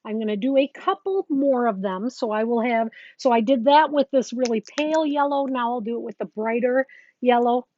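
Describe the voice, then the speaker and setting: A woman's voice: on the high side, normal speed, dark tone. Chatty woman demonstrating a craft. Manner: chatty, talks while working, greets viewers. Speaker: quilting teacher. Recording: dull lo-fi sound with faint noise.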